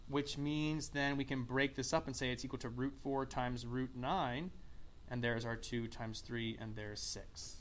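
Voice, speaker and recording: A man's voice: medium pitch, fairly even intonation, unhurried, slight background noise. A man teaching a math lesson in a classroom, asking students questions and repeating their answers. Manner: coughs and clears throat now and then. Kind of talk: classroom lecture.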